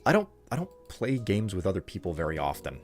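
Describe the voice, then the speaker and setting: A man's voice: deep voice, big pitch swings, fast talker, faint music behind. A man streaming a game live, chatting with viewers in a loose, rambling way full of fillers and restarts. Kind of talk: casual chat while streaming a game.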